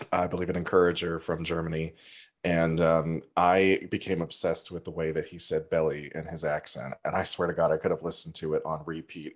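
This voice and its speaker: Really deep-voiced guy on a podcast, rambles, jokes at his own expense. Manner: rambling, self-deprecating, laughs easily. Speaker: podcast co-host. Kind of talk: casual podcast chat.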